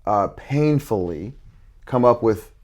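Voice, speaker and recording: A man's voice: on the low side, lively intonation, takes it slowly, darkish tone. A man talking as a podcast guest about being a father and youth coach, earnest and reflective, often restarting his sentences. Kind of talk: podcast conversation.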